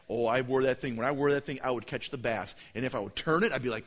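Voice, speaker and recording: A young man preaching a sermon, telling stories with lively acted-out voices. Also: mid-range voice, fast. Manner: animated storytelling, acting out voices. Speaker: pastor. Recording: long hall reverb.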